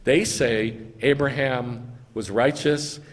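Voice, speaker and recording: Male rabbi, sermon, reads verses and unpacks them, mid-pitched voice, echoing sanctuary. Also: steady tone, takes it slowly. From United States. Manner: reads scripture aloud and argues its meaning, rising emphasis on key lines. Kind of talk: sermon with scripture reading. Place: synagogue sanctuary.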